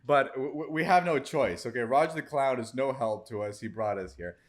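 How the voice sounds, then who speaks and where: A man's voice: medium pitch, fairly quick. A man co-hosting an improvised comedy podcast, rambling and stammering, swearing casually. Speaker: podcast co-host.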